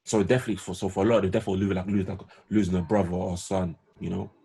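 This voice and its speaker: A man's voice: low voice, little pitch movement, racing, gravelly, warm tone, husky. A man co-hosting a podcast, chatting casually in a rambling way with many fillers and restarts. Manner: rambling, repeats words, lots of fillers. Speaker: podcast co-host. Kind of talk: casual chat.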